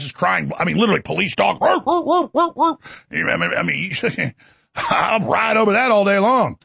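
Gravelly, bright-voiced ranting man. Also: high voice, dry recording. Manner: rambling, indignant ranting. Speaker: talk show host. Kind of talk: political commentary monologue.

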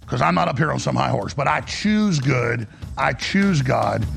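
A man hosting a radio talk show, delivering an impassioned, preachy monologue in a gravelly, husky voice that swings between high and low. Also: expressive, normal speed, a bit bright, faint music behind.

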